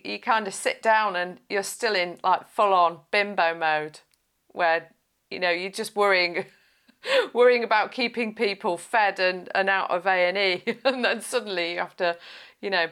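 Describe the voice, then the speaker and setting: A woman's voice: medium pitch, fairly bright tone. A woman in her forties, a guest in a podcast interview, talking frankly and chattily and breaking into laughs mid-sentence.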